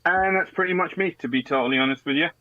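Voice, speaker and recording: A man speaking as a guest over a video call, relaxed and offhand. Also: a little high, fast. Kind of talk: casual chat. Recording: dull dry video-call audio.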